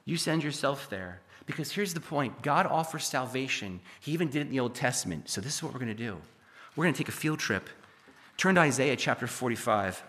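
A man's voice: medium pitch, lively intonation, quick pace, fairly bright tone. A man in his thirties preaching a sermon, building to fervent, emphatic delivery, sweating and dry-mouthed. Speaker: pastor.

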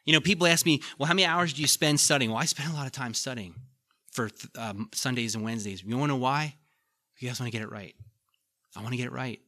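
Bright-voiced man preaching a sermon. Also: medium pitch, quick pace. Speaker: pastor.

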